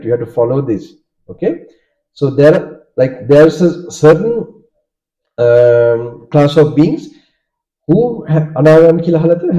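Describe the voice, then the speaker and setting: A Sri Lankan Buddhist monk, a native Sinhala speaker, has a slightly high voice with a dark tone. He gives a Dharma talk, asking the audience questions and often checking in with "okay?", captured in dull, lo-fi audio.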